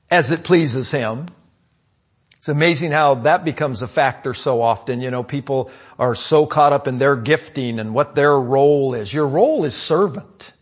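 A man preaching a sermon, calling out "amen?" to the congregation and swinging between loud emphatic lines and low asides. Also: breathy edge. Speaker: pastor.

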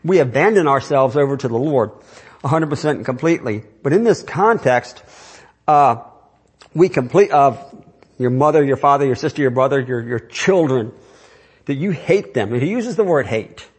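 Middle-aged male pastor, husky voice, earnest sermon delivery with repeated phrases. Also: mid-range voice, expressive, moderate pace.

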